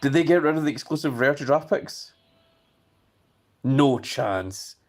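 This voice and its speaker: A man's voice: medium pitch, animated, unhurried, soft background music. A man hosting a live stream, chatting casually and reading viewer messages aloud.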